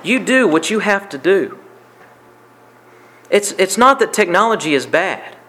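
A man with a notably high voice delivers a sermon. He drives points home by repeating them in earnest preaching cadence. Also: sing-song, unhurried, sharp tone. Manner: preaching with emphatic repetition. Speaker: pastor.

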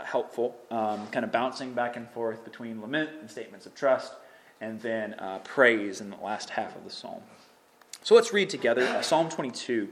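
A man teaching an evening Bible study, earnest, climbing to impassioned pleading and dropping to soft reflection. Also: medium pitch.

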